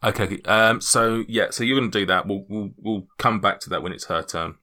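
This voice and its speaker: A man running a tabletop game as game master, chatty and relaxed, with many ums and restarts. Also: on the low side, fairly quick.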